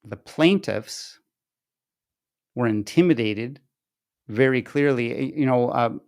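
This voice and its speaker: A man of ordinary pitch with a gravelly, fry-tinged voice walks viewers through charts he has on screen. He rambles and corrects himself mid-sentence. Then he presses his points with emphatic disbelief. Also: slow, darkish tone. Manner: rambling, self-interrupting, emphatic and incredulous. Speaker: political commentary host. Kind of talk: casual screen-share commentary.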